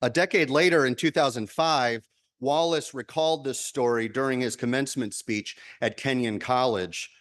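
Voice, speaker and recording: A male minister giving a measured, reflective sermon, repeating key lines for emphasis. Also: mid-range voice, fairly bright tone.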